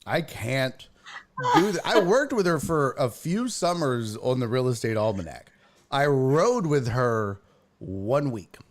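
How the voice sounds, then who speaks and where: A man, hosting a podcast and telling a family story in an animated, exaggerated way. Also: medium pitch, a little slow. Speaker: podcast host. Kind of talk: casual storytelling.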